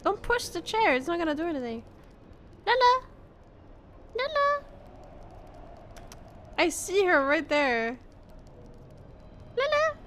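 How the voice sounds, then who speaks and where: A woman's voice: high voice, lively intonation, a little fast, few pauses, a bit bright, a little hiss or hum. A woman streamer chatting casually with her viewers about her cat, her voice nasal from a cold, swearing and laughing often. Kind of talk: casual live-stream chat.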